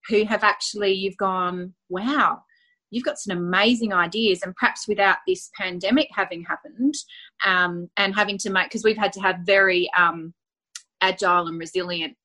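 A bright, crisp voice belongs to an Australian woman speaking as an interview guest. She talks effusively, winding through her points with plenty of fillers. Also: mid-range voice. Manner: warm, effusive, rambling with fillers. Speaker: guest, award finalist. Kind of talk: casual conversational interview.

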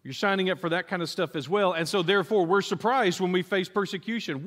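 A man's voice: high voice, fast talker, hardly any pauses. A middle-aged man preaching a sermon, telling a story with humor and acting out the voices of the people in it. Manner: animated storytelling, acts out quoted voices, jokes with the congregation. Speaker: pastor.

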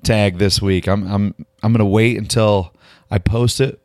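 A man's voice: lowish voice, steady tone, unhurried, a little mellow, dry recording, clean studio sound, soft background music. A middle-aged man hosting a podcast, talking casually and chattily, often repeating words as he starts his sentences. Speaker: podcast host. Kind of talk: casual interview chat.

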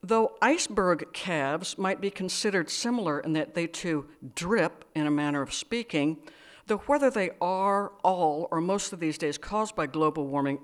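A woman's voice: lowish voice, animated, normal speed. A woman author reading her own fiction aloud, with wry, dry asides and hesitant fillers. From United States. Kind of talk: live literary reading with asides.

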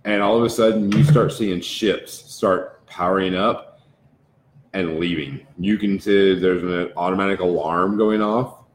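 A man game master narrates a tabletop session in a slow, dramatic, descriptive way. His voice sits fairly low, and the recording is roomy with faint background noise. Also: fairly even intonation.

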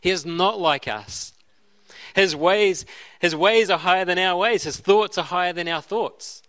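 A man's voice: high voice, unhurried, a bit bright. A man preaching a sermon in an earnest way, often repeating and restarting his phrases. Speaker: pastor.

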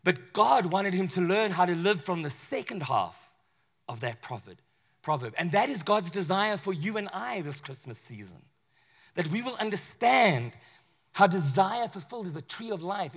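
A man, a pastor, preaching a sermon in a conversational, animated way with acted asides. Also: high-pitched, normal speed.

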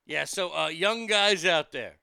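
A man's voice: a little high, measured pace, creaky, bright, forceful tone, smooth, dry recording, clean studio sound. A man hosting a show, delivering a crude, mocking comedic monologue that rambles with restarts. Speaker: radio show host.

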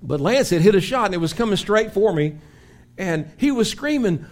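Guy pastor giving a sermon, kinda high voice, tells stories with big swings up and down. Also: normal speed. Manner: animated storytelling with acted-out shouts. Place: church sanctuary.

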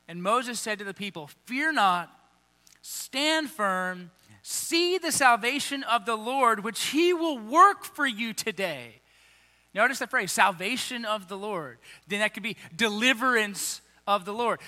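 A man's voice: high voice, lively intonation, a little slow, pushed and bright, long reverb tail. A man preaching a sermon, reading scripture aloud and breaking into casual, emphatic paraphrase.

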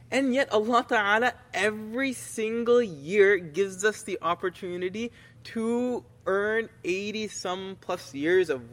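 High-voiced impassioned male preacher. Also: fairly bright tone, long reverb tail. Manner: impassioned, builds to emphatic rhetorical questions; recites Arabic scripture. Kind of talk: sermon.

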